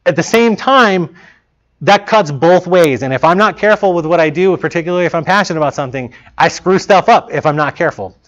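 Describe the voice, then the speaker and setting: A fairly high-voiced man speaks casually to a room of students about working in game development. He keeps it chatty and acts out what he said in past moments. The recording sounds a bit muffled and lo-fi. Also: brisk. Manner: casual, chatty, quotes himself in lively asides. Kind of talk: informal talk to students. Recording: dull lo-fi talk recording.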